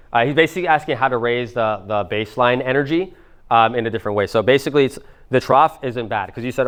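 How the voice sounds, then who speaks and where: A man's voice: mid-range voice, fast talker. A man coaching a small group in a live workshop, casual and jokey, swearing freely and talking straight to the room. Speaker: business and mindset coach.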